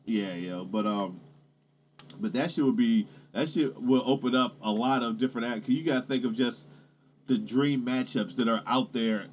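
A man chatting casually about wrestling, excitable and swearing, his voice jumping up when he gets hyped. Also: mid-range voice, moderate pace, a little hiss or hum.

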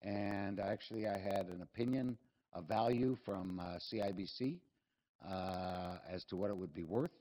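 An older man with a somewhat low voice spins long, rambling stories at a fireside chat. He talks with self-deprecating humor and plenty of ums and uhs as he wanders from one anecdote to the next. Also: moderate pace, mellow, rough recording. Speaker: company chief executive, interview guest.

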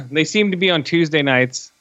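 A man's voice: on the high side, animated, normal speed, creaky, fairly bright tone, no echo, highs cut off. A young man hosting a podcast, speaking in a laid-back, hesitant way with many fillers. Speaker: podcast host. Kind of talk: casual chat.

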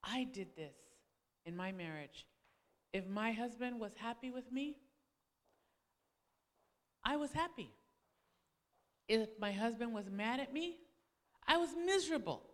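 A high, bright woman's voice delivers a sermon-style testimony, telling her story with animated swings, dropping low and quiet, then leaping up as she acts out quoted arguments. The sound carries a long hall reverb. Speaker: preacher's wife speaking to a congregation.

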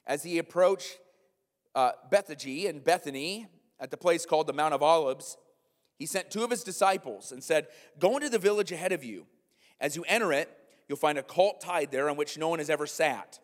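Animated pastor with a higher voice, hall reverb. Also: male voice, a little fast. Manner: animated, acts out a comic scene in a loud high voice. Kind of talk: sermon.

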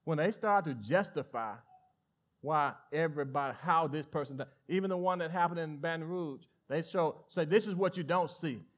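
A male pastor with a Southern American accent preaching a sermon, animated, swinging from loud emphatic lines to hushed asides. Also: on the high side, moderate pace.

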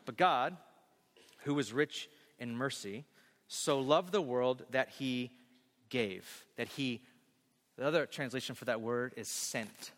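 A male pastor delivering a sermon emphatically, repeating key phrases and slowing on scripture. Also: medium pitch, a bit bright. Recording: long hall reverb.

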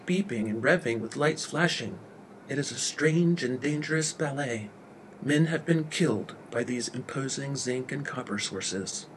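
A man narrating a story in a wry, deadpan way. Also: fairly high pitch, a little hiss or hum.

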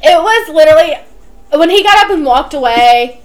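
Giggly girl chatting on a podcast, super high voice, swoops up and down a lot. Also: normal speed, poor audio. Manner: excitable, giggly storyteller. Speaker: podcast co-host. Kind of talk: casual chat.

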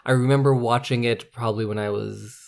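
A man hosting a casual podcast, talking in a relaxed, informative way. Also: medium pitch, a little fast, vocal fry. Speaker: podcast host.

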